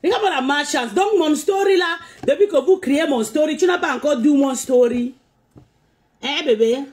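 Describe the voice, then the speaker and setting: With slight background noise, a woman whose voice sits high and is a little mellow speaks at a moderate pace. She's a vlogger ranting on a live stream, reading commenters' remarks and confrontationally throwing repetitive taunting questions back at them.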